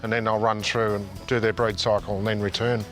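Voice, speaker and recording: A man's voice: fairly low pitch, level tone, brisk, a bit bright, soft background music. A man, a local fishing expert, explaining the fish in a plain, easygoing way on a boat. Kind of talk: explaining to a host. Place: on a boat on open water.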